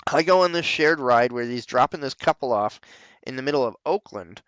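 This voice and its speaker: Smooth-voiced, foul-mouthed man telling stories. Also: medium pitch, brisk, dry recording, poor audio. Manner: profane, animated storyteller who acts out quoted people. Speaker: podcast host. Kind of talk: casual podcast chat.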